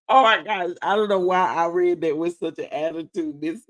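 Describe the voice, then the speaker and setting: A man's voice: high voice, moderate pace, hardly any pauses, a bit bright. A man hosting reaction commentary, incredulous and amused, laughing often as he talks. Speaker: commentary host.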